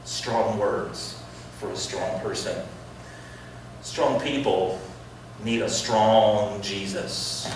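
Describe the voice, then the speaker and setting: A middle-aged man preaching in a school chapel, acting out quoted voices and swinging from loud to hushed. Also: fairly low pitch, drawn-out words, long pauses, slight background noise. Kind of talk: sermon. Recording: echoey hall voice from far off.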